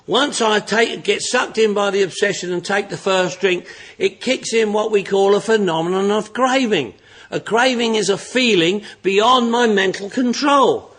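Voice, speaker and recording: A man's voice: sits high, a little slow, a bit bright. An older man giving a humorous recovery talk to an audience, telling stories bluntly and repeating refrains. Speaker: recovery meeting speaker.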